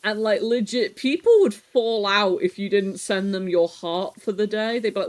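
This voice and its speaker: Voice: mid-range voice, normal speed, hardly any pauses, poor audio. Chatty, swearing streamer in their thirties. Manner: chatty, swears freely, laughs often; reminiscing, animated storytelling. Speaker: live streamer. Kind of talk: casual chat while cleaning on stream.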